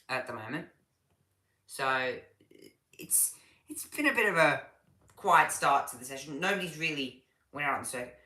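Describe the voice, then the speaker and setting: A man talks through a live race session in a loose, chatty way, stumbling and restarting his sentences as he answers viewers. His voice is bright and forceful. The sound is roomy, with a clear echo from the space around him. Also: a little high. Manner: chatty and halting, with frequent restarts while reading chat. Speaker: livestream race commentator. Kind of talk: casual live watch-along commentary.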